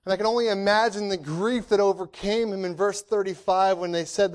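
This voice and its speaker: A man preaches a sermon earnestly, posing rhetorical questions, repeating phrases, and often restarting. He swings from loud emphasis to hushed lows, speaking fairly quickly with few pauses.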